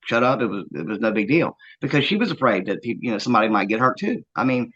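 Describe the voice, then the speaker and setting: A man earnestly recounting a first-hand encounter, halting often with fillers as he tells it. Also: medium pitch, animated, fairly bright tone, slightly rough, lo-fi sound. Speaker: eyewitness interviewee.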